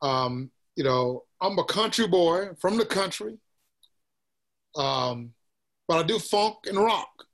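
A man from Texas with a Southern accent, a musician guest chatting casually in an interview, relaxed and peppering his talk with "man" and "you know.". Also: sits high, takes it slowly. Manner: laid-back, says "man" and "you know" often, laughs easily.

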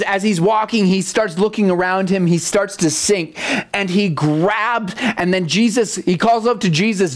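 A man preaching a conversational sermon, animated, with rhetorical questions and frequent restarts. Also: high voice.

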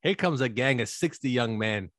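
A man's voice: mid-range voice, moderate pace, dry recording, clean studio sound. A man co-hosting a podcast, casually and mockingly reviewing a movie, often breaking into laughter. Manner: animated, laughing, mocking impressions. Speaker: podcast co-host.

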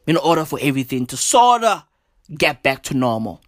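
Young woman, comic rant, exasperated and profane, swings her pitch widely, dry close recording. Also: big pitch swings, a little fast, no room sound. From South Africa. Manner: exasperated, swearing, repeats slang "bruv". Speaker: comedian. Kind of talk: stand-up style rant.

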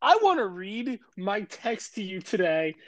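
A man's voice: sits high, very animated, measured pace, no room sound. Heated young man ranting on a podcast. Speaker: podcast co-host. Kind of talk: casual podcast chat.

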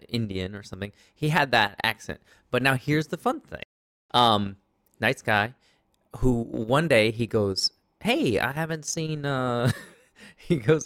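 A man co-hosting a casual comedy chat, telling stories with lots of laughter and rising, excited turns. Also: clean tone. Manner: animated, laughs often, storytelling with big pitch swings. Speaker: podcast co-host.

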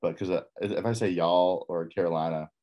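A man's voice: deep voice, fairly even intonation, moderate pace, muffled recording. A man from Texas with a faint Texas accent, casually rambling through his college football picks in a solo talk. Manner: rambling, repeats himself, frank opinions.

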